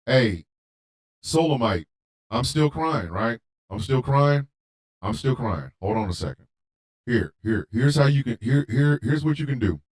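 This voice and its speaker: A man hosting a radio show, delivering a heated monologue with emphatic repetition and occasional shouting. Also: medium pitch, lively intonation, a little slow, long pauses. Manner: emphatic, repeats lines for force; rants, at times shouting.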